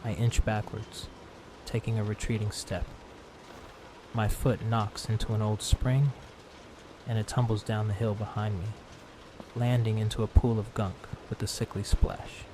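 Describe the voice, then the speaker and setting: A man narrating a horror story in a calm, slow, hushed tone, meant for falling asleep. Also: on the low side, noisy background. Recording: steady rain sound behind.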